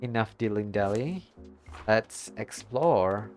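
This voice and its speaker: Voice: medium pitch, expressive, slow pace, soft background music. A streamer giving casual let's-play commentary, chatty, laughing often and answering chat.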